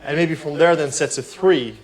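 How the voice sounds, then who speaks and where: A man giving a piano tutorial, explaining technique in a relaxed, explanatory way. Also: fairly high pitch, moderate pace, poor audio. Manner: relaxed, explanatory, counts beats aloud while playing. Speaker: piano teacher. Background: piano playing.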